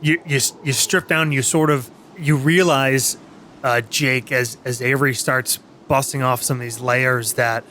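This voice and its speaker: Male game master, halting narration, medium pitch, faint background noise. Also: steady tone, pushed and bright. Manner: halting, many fillers and restarts.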